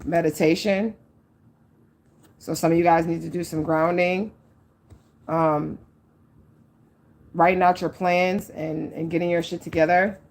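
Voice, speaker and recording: A woman with a slightly low voice gives a casual spiritual card reading. She talks straight to her viewers, blunt and profane, with lots of "like" and "okay?" between thoughts. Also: fairly even intonation, unhurried, pauses often, darkish tone. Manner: frank and profane, with many likes and okays; earnest, speaks straight to the audience. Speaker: psychic tarot reader.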